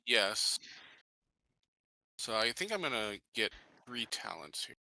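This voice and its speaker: A man at a tabletop game, taking his time as he lists his choices. His tone is very bright and forward, and his pitch sits a little low. The sound is dry. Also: sing-song, slow pace, creaky, no room sound, low-quality recording. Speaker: player. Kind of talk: casual tabletop chat.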